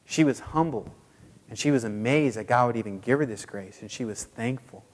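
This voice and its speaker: A man preaching a sermon in a casual, chatty way with many fillers, now and then putting on high squeaky voices for quotes. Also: moderate pace, big-room sound. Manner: puts on high squeaky voices when quoting people. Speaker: pastor.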